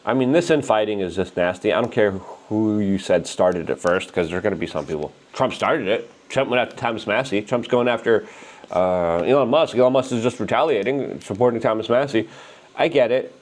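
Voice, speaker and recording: A man hosting a political commentary show, animated and indignant, talking with strong emphasis. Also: on the low side, fairly quick. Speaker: host.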